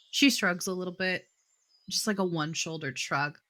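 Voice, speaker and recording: Calm woman tabletop player. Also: lowish voice, unhurried. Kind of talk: tabletop play, describing a character.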